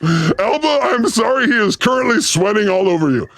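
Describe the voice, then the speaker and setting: A man hosting a casual comedy podcast, animated and joking, often shouting and laughing, close to the mic. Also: sits high, moderate pace, dry recording. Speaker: podcast host.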